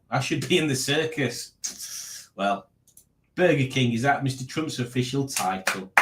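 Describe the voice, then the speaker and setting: A man's voice: medium pitch, fairly bright tone, a little hiss or hum. A man hosting a casual livestream, rambling and reading out viewer comments. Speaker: livestream host.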